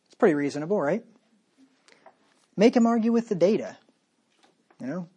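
A man's voice: high-pitched, animated, moderate pace, dark tone, slightly rough. A man preaching a sermon as pastor, talking straight to his listeners with emphatic repetition and rhetorical questions.

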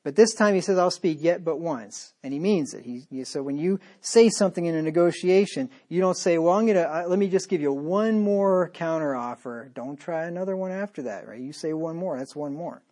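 A man's voice: fairly high pitch, brisk, hardly any pauses, a little mellow. A man preaching a sermon, reading scripture aloud and then explaining it plainly in a conversational way, often checking in with "right?". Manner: conversational, with frequent "right?" and "you know". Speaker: pastor.

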